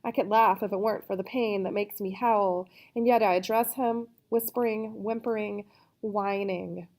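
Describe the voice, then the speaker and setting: A woman gives a dramatic, first-person reading of a dark novel. She drops to hushed, tense passages and then breaks into sudden cries. The delivery is intense and theatrical throughout. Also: mid-range voice, normal speed. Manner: intense, shifting between hushed and cried-out lines. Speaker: reader.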